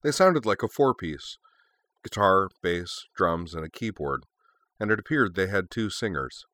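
A man narrates a story in a steady, measured reading. His voice is very low but bright and crisp in tone. The recording is dry and close to the mic. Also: no room sound.

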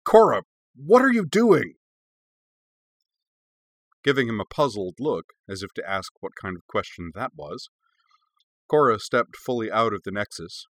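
Male story narrator, steady and measured, lowish voice, dry close sound. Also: dry recording. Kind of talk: audiobook reading of fiction.

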